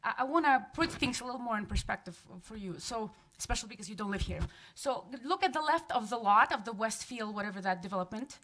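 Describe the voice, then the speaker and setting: Woman, 30s, higher voice, emotional resident at a council podium, halting and pleading. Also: expressive, fairly bright tone. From from another place. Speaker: resident giving public comment. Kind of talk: public comment at a council meeting. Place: city council chamber.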